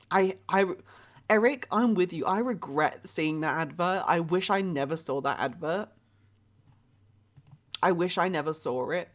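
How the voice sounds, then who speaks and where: A woman, chatting excitably to her viewers while she plays a game on a live stream. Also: mid-range voice. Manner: chatty and excitable, quick exclamations. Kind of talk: casual live-stream chat while playing.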